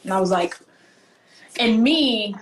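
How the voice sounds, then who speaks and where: A woman from Nigeria, animated and laughing often as she tells stories in a conversational interview. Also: a little high, takes it slowly, a little hiss or hum. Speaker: author and guest.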